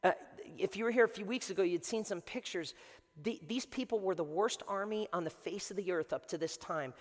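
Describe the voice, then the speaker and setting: High-voiced male pastor preaching in a reverberant hall. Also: fairly quick. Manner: animated, conversational, emphatic with frequent restarts. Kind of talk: sermon. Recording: long reverb in a large hall.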